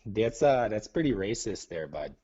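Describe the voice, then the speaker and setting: Comic bit: man doing a drawling Upper Midwest guy, husky and lively, over lo-fi call audio. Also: fairly low pitch, moderate pace. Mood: protesting. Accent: Upper Midwest put-on. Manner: drawling, says "bud" constantly. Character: folksy Upper Midwest man saying "bud". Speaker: caller.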